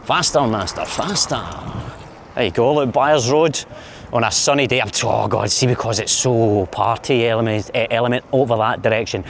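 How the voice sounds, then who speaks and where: A man's voice: medium pitch, a little hiss or hum. A man with a Glaswegian Scottish accent, rambling playfully and mocking himself as he films a walking vlog outdoors on a busy city street. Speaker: vlogger. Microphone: camera mic while walking.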